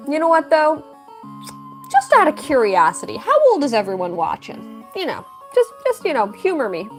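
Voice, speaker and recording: A young woman with a fairly high, very lively voice chats playfully with her viewers as she draws on a live stream. Her talk is loose and teasing, and soft music plays faintly behind her. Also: normal speed. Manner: playful, chatty, reads and answers chat. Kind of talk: casual live-stream chat while drawing.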